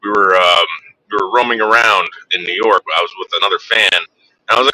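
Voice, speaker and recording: A man's voice: on the low side, quick pace, bright, forceful tone, dry recording, poor audio. A man hosting a casual livestream, chatting with his viewers and teasing them in a rambling way. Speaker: livestream host.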